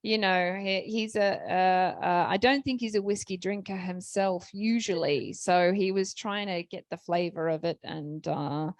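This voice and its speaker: A woman's voice: on the low side, unhurried, few pauses, no echo. A woman author speaking on a festival panel, telling stories in a chatty way with many restarts.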